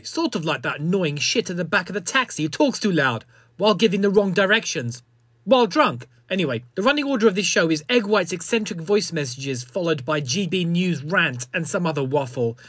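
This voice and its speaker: Husky, sarcastic man hosting. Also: high voice, big pitch swings, brisk, a bit bright, dry recording, clean studio sound. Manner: sarcastic, self-mocking, crude. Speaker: comedy podcast host. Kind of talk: sardonic comedy monologue.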